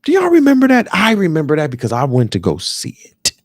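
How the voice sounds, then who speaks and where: A man's voice: fairly high pitch, wildly swooping pitch, fast talker, dry recording, clean studio sound. An American man with an African American English accent hosting a podcast, ranting casually and profanely, repeating phrases for emphasis. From United States. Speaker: podcast host.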